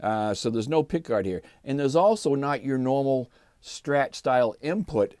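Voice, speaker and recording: An older man hosting his channel, giving a relaxed, chatty review and demo of a guitar and explaining as he goes. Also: medium pitch, a little slow, dry recording, studio quality. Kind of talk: casual product review and demo.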